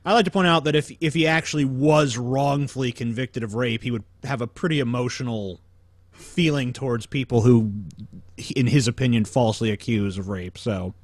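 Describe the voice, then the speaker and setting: A man co-hosts a casual podcast, recorded dry and close to the mic. He comments loosely and tips into loud, profane rants. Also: medium pitch, normal speed, dry recording. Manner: profane, ranting, animated. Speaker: podcast co-host.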